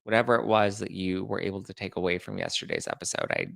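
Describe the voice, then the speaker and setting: A man with a lowish, gravelly voice chats through viewer comments as a show host. He keeps it sarcastic and animated, and the close, dry sound has almost no room in it. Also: fast talker, no echo. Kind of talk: casual chat reading viewer comments.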